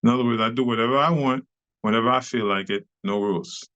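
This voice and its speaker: A man's voice: mid-range voice, fast. A man, a club dancer telling stories as an interview guest, slangy and profane and acting out the people in them. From New York City. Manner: animated storyteller, slangy and profane, acts out quoted people. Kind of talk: casual storytelling interview. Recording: slightly dull lo-fi recording.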